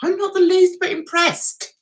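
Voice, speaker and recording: A woman hosting a casual livestream, telling stories in a chatty, animated way. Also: very high-pitched, measured pace. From United Kingdom. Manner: chatty, animated storytelling with mimicked voices. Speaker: livestream host.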